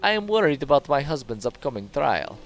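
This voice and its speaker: A man's voice: medium pitch, sing-song, fairly quick, pitched above the performer's own voice. A man voicing a proud, worried tribal wife in a video game, reading her lines plainly and earnestly in his own voice.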